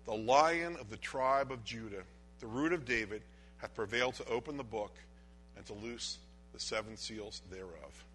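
A man preaching a sermon, reading scripture aloud and dropping to a hushed, low voice for the verses, then rising to loud urging, with frequent restarts. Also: slight background noise.

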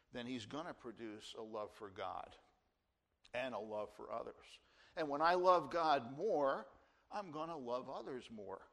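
A man's voice: medium pitch, fairly bright tone. Earnest man in his sixties preaching. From New Jersey. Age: 60s. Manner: earnest, emphatic preaching with rising stresses. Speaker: pastor. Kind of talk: sermon.

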